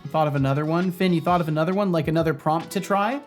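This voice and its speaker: A man's voice: fairly high pitch, fast talker, faint music behind. Rambling, laughing man streamer. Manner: rambling, laughs often, reads chat aloud. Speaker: streamer and game developer. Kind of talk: casual live-stream chat.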